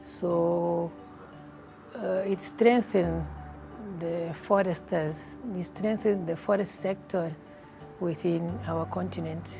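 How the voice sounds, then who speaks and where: A woman's voice: on the low side, steady tone, slow, creaky, over music. A woman in a documentary interview, speaking with frequent word repetitions.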